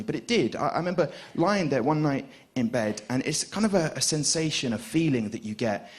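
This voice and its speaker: A man's voice: fairly high pitch, very animated, brisk. Rambling young man doing stand-up. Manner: rambling, hesitant, lots of ums and restarts. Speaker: stand-up comedian. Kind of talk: stand-up comedy set. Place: comedy club stage.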